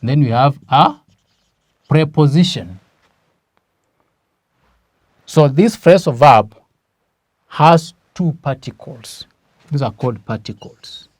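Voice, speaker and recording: Slow, emphatic Kenyan male teacher. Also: a little high, lively intonation, dry recording. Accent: Kenyan English. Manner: slow, emphatic, asks questions then answers them. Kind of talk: classroom grammar lesson.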